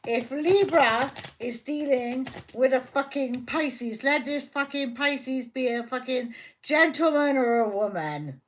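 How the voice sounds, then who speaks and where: A woman's voice: high voice, slow pace, hardly any pauses. A woman giving a live tarot reading, heated and fiercely protective of her viewer, swearing constantly. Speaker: tarot reader.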